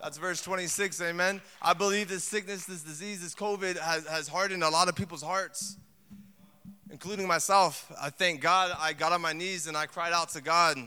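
A man preaching a sermon in a lively, conversational way, full of asides and acted quotes. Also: high-pitched, moderate pace, clear, resonant tone. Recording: long hall reverb.

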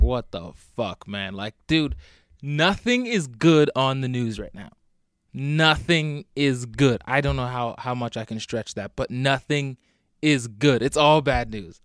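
A man's voice: mid-range voice, smooth, no room sound, studio quality. A young man hosting a solo podcast from home, rambling and joking with lots of swearing. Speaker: podcast host. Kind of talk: casual solo podcast rant.

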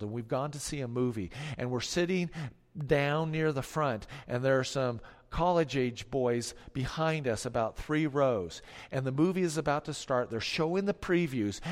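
A middle-aged man preaching a sermon, telling stories that swing from hushed asides to forceful declarations. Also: medium pitch, big-room sound. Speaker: pastor.

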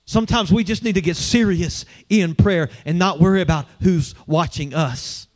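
Male pastor, sermon, quite high voice, conversational, questions to the congregation, church. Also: moderate pace.

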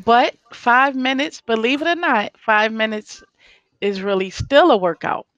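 A middle-aged woman, a rage room owner, talking as a guest in an interview, lively and laughing often as she acts out her customers. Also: fairly high pitch, a little slow, dry recording, highs cut off.

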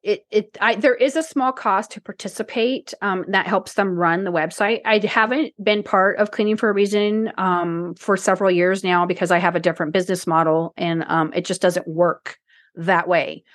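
A woman's voice: mid-range voice, fairly even intonation, normal speed, a bit bright, no echo. Teary woman rambling on a podcast. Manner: emotional, rambling with many restarts. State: teary, close to crying. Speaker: podcast co-host. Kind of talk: casual podcast chat.

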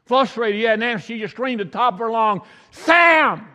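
A man's voice: very high voice, steady tone, fast, bright, forceful tone, muffled recording. A male Pentecostal pastor preaching a folksy, story-filled sermon, often repeating himself for emphasis. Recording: echoey church hall.

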